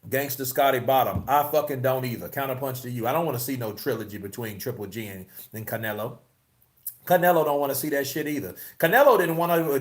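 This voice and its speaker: Profane, animated male boxing streamer. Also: medium pitch. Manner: casual, profane, laughing, reads chat. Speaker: host. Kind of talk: live-stream boxing commentary.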